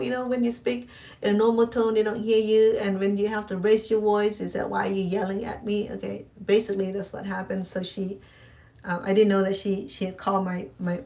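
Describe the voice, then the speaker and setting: A middle-aged woman speaks a little away from the microphone, so her voice sounds slightly distant. Her talk is loose and rambling, full of restarts and fillers, in an even, mid-pitched voice. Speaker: cooking channel host. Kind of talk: casual personal talk to camera.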